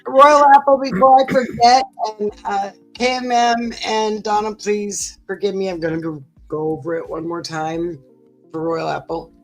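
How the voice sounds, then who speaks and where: A middle-aged woman co-hosting a livestream talks at a moderate pace in a mid-range voice with fairly even intonation, rambling through stories in casual chat with frequent fillers. Faint music plays behind her on a rough recording.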